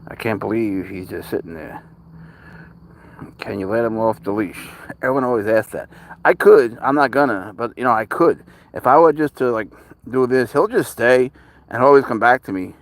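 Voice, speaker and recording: A man's voice: mid-range voice, moderate pace. A man chatting casually on a live stream while walking his leashed cat outdoors, rambling and talking to both his viewers and the cat. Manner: relaxed, rambling, talks to his cat and chat. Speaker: cat channel livestreamer.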